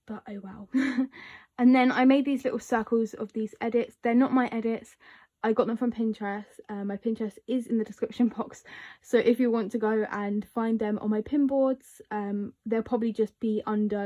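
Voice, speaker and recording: A young woman vlogger chatting casually as she shows her collection, often laughing and filling pauses with um and like. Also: a little high, steady tone, mellow.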